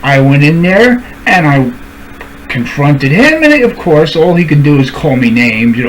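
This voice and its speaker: A man's voice: a little high, big pitch swings, a little slow, slight background noise, poor audio. A streamer ranting to camera, calling out people by name and repeating his points for emphasis. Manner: confrontational, addresses people directly by name. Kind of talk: angry rant to camera.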